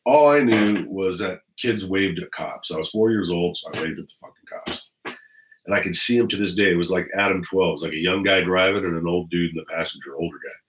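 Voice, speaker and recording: Low-voiced, blunt, profane middle-aged man. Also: brisk, fairly bright tone, a little hiss or hum, poor audio. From Los Angeles area. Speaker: former police officer. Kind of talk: casual storytelling to camera. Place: at home indoors.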